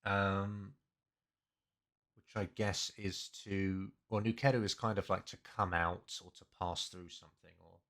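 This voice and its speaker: A language learning streamer with a medium-pitched, fairly bright voice casually breaks down language and grammar. He thinks aloud, using lots of fillers and correcting himself as he goes.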